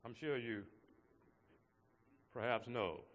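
A man preaching a sermon to his congregation in a slow, measured way, with emphatic rises on key words. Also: mid-range voice, in a large hall. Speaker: pastor.

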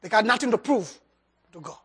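A preacher giving a sermon and altar call, swinging between loud emphasis and soft drops, with loose grammar. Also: medium pitch, animated, fairly quick, husky. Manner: loose, nonstandard English grammar.

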